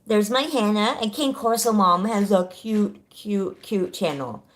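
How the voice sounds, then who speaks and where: A bubbly, chatty middle-aged woman from California hosts a casual home livestream, greeting viewers by name and laughing often. Her medium-pitched voice is unhurried, with slight background noise.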